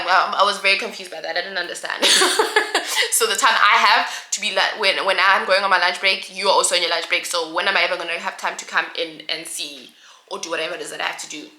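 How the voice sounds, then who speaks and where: A young woman ranting casually to camera in a vlog, exasperated and animated, stumbling over restarts and repeated words. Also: medium pitch. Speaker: vlogger. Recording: roomy echo.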